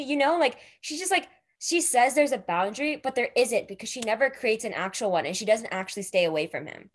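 Young woman, casual book chat, slightly high voice, constant "like", animated retellings. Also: brisk, hardly any pauses. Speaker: book discussion co-host.

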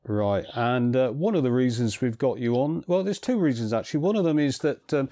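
A man hosting a local football podcast, dry and gently teasing his co-host. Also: medium pitch, expressive, a little fast.

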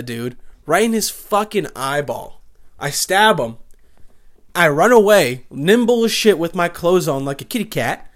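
A man's voice: a little high, animated, moderate pace, a bit bright. A young man telling a rambling, crude comic story, slipping into voices for the people in it. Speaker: comedic storyteller. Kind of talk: profane comedic monologue.

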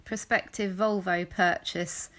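A woman co-hosting a podcast, teasing her co-host in a deadpan way. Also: mid-range voice, slow. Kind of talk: casual banter.

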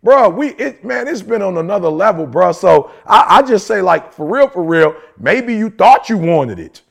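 A middle-aged man co-hosting a podcast, talking in an animated, slangy motivational way and repeating phrases for emphasis. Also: high voice, normal speed, creaky. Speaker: podcast co-host. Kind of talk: motivational casual chat.

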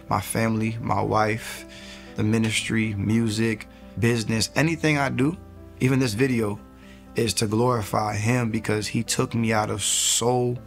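A man's voice: fairly low pitch, gravelly, a bit bright. A man in his thirties, an interview guest, giving a personal faith testimony in an earnest, rambling way and acting out the lines he once said. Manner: earnest, rambling storyteller, acts out his own quotes.

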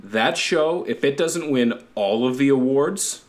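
This podcast co-host is a Canadian man whose mid-range voice has lively intonation and a measured pace. Recommending a show in a laid-back conversation, he wanders off topic, curses, laughs a lot and attempts goofy accents.

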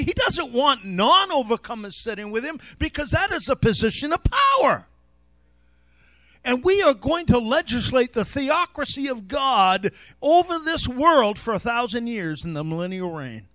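A male pastor preaching an animated sermon that rises to shouts. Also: very high-pitched, normal speed, dry recording.

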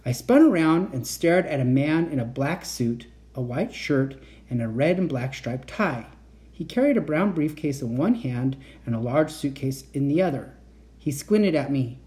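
A man's voice: a little high, expressive, normal speed, dark tone. A man reading a children's book aloud, narrating the story expressively and acting out the dialogue. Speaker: reader of children's books.

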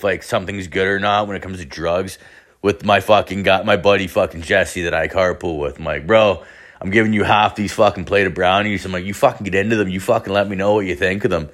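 A young man with a somewhat low voice tells a meandering personal story. He swears constantly, trips over his own restarts and talks in loose, laid-back slang. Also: fairly bright tone. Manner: profane, rambling, stoner slang, frequent restarts. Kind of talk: casual rambling anecdote.

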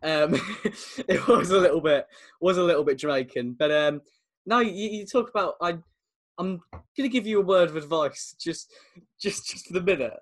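A young man co-hosts a relaxed sports podcast from a video call. He talks in a chatty, teasing way and laughs often. His voice sits a little high. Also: moderate pace. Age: young adult. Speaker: podcast co-host. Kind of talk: casual football podcast chat.

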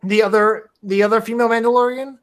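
Brief: excitable fan host, mid-range voice, rambling casual review chat. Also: medium pitch, quick pace. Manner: enthusiastic, rambling with restarts and laughs. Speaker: podcast host.

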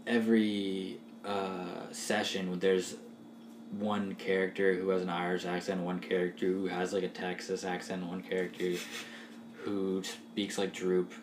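A fairly low-voiced man co-hosting a casual podcast, laughing and dropping into quick quoted voices as he talks. His voice carries a roomy echo, with faint ambient hiss underneath. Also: level tone, a little mellow. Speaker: podcast co-host and game master. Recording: roomy echoey room.

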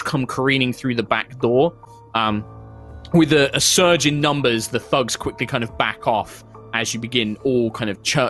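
A man's voice: mid-range voice, fairly bright tone. A man, narrating a tabletop game as game master with flowing, descriptive speech full of small fillers.

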